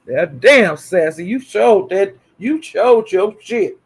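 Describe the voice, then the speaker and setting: A man giving animated, profane livestream commentary, repeating phrases for emphasis. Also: sits high, slow, gravelly, breathy edge. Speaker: online commentator.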